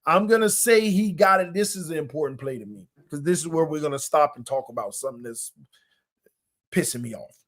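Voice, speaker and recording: A man's voice: on the high side, lively intonation, a little fast, fairly bright tone. Emphatic fan podcaster man. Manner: emphatic, colloquial, repeats himself for effect. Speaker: sports podcast host. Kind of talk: casual sports commentary.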